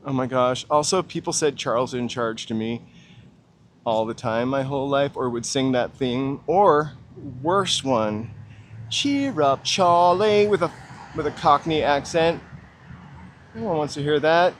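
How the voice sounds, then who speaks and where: A man's voice: mid-range voice, a little slow. A middle-aged man hosting a casual walking live-stream outdoors, chatting to viewers with joking, self-deprecating asides. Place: outdoors on downtown city streets and through tunnels. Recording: faint city street noise. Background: city traffic ambience.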